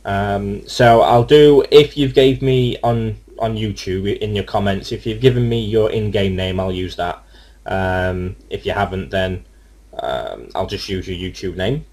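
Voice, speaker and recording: A man's voice: on the low side, a little slow, darkish tone. A young man casually commenting on his gameplay, rambling and hesitant with many fillers. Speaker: let's play gamer.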